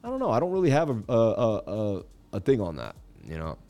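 A man's voice: lowish voice, wildly swooping pitch, a little fast, warm tone, lo-fi sound, soft background music. A man hosting a casual livestream, joking and chatting while he reads viewer comments and walks through charts. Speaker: crypto livestream host.

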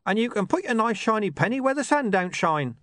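A man's voice: high voice, sing-song, brisk, a bit bright, no echo, voice pushed up. A man voicing a filthy, rude old male street beggar with a coarse, mumbling way of talking. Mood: surly.

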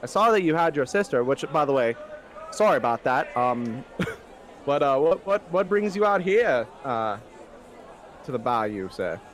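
Man voicing an eccentric genteel gentleman, polite, fussy, lively pitch. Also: a little slow, a faint crowd. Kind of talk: tabletop game role-play.

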